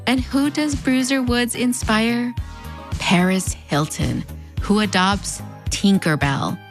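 A woman with a fronterizo border accent narrates a scripted video essay, her voice on the lower side for a woman. She keeps things wry and conversational, slipping in playful sarcastic asides. Faint music plays quietly underneath. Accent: fronterizo Mexican border Spanish-influenced English.

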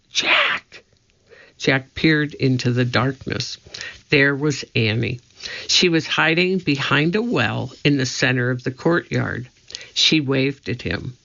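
A man reading a children's story aloud in a steady, scripted narration. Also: medium pitch, takes it slowly, vocal fry. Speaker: audiobook narrator. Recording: slightly dull lo-fi audio.

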